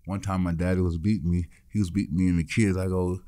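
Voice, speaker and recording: Deep, dark-voiced man telling stories. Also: fast. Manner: animated storyteller acting out quoted voices; blunt, swears freely. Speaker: musician guest. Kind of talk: casual interview storytelling.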